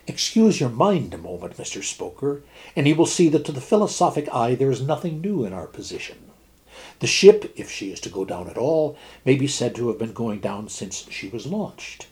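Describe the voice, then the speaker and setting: Guy reading out an unbothered sea captain, gentle and measured, philosophizing in a storybook fable. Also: medium pitch, big pitch swings, close to an everyday voice. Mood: calm, philosophical. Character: calm philosophical male ship captain.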